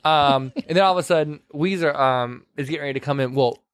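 A man's voice: fairly high pitch, fast talker, smooth, dry recording, studio quality. A man in casual chat, retelling a film scene by scene and acting out quoted lines. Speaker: podcast co-host recapping a film.

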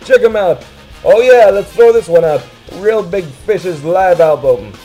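A man doing a comic impression of a boastful male action star, reading a mock advertisement in a hyped pitchman delivery. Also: lively intonation, measured pace, dark tone, soft background music. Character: brash male action-star impression hawking a web host.

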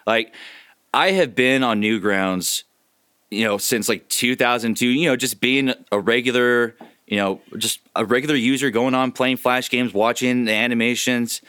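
A man's voice: medium pitch, steady tone, normal speed, sharp tone, clean tone, no room sound, studio quality. A man co-hosting a podcast, chatting casually and swearing freely, a voice actor who slips into impressions.

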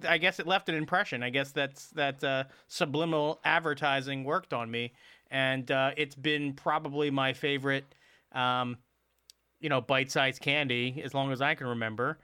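Bright-voiced man telling rambling stories. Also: medium pitch, fairly even intonation, moderate pace, clean tone, no echo. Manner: rambling, mock-outraged storytelling. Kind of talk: casual chat.

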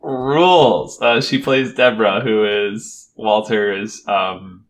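A man's voice: fairly low pitch, steady tone, slow pace. A young man co-hosting a casual film podcast, chatty and laughing often. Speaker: podcast co-host. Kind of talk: casual chat about a film.

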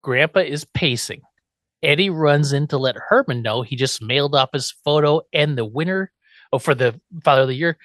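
A man hosts a relaxed podcast chat, his voice jumping around in pitch as he recaps scenes. He laughs often and drops into quick put-on voices for the characters. The sound is dry and close to the mic. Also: dry recording. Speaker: podcast host recapping an episode. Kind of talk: casual chat.

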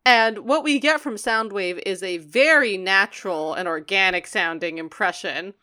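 A woman's voice: medium pitch, normal speed, clear, resonant tone. A woman co-hosting a podcast, casually recapping a cartoon episode and acting out the characters' lines. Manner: animated, acts out quotes. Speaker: podcast co-host.

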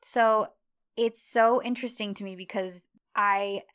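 A woman in casual chat, recapping a TV series with a friend, chatty and quick to laugh. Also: mid-range voice, fairly even intonation, clean tone, dry recording, clean studio sound. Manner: chatty, laughs easily, retells scenes.

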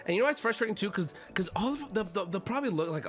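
Brief: male streamer, 30s, higher voice, big pitch swings, loud exasperated rants. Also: very animated, rapid-fire, hardly any pauses, faint music behind. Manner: loud, exasperated ranting, mocking whiny voices. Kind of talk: ranting stream chat.

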